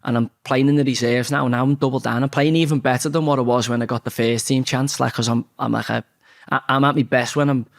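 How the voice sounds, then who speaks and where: A man's voice: mid-range voice, steady tone, fast talker, creaky, dry recording, studio quality. A man with a Liverpool Scouse accent, a guest in a casual interview, telling stories bluntly and swearing freely. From Liverpool, England.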